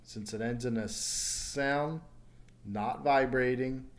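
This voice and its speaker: A man teaching English pronunciation in a recorded online lesson, slowly repeating each word clearly and patiently. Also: mid-range voice. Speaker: ESL teacher.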